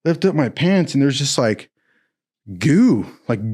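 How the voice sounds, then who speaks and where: A young man telling a rambling, profane story in a casual, animated way, laughing often. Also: medium pitch, takes it slowly.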